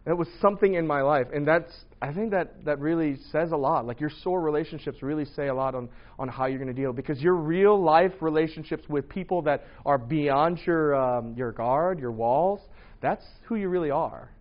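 Loud, animated preacher man, lo-fi sound. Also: on the high side, normal speed. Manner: loud, animated, joking asides. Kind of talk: casual sermon to young adults. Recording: dull lo-fi recording.

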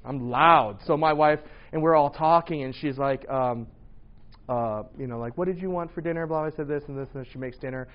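A man in his thirties preaching a casual sermon, loud and animated with joking asides. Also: mid-range voice, normal speed. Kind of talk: casual sermon to young adults. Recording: dull lo-fi recording.

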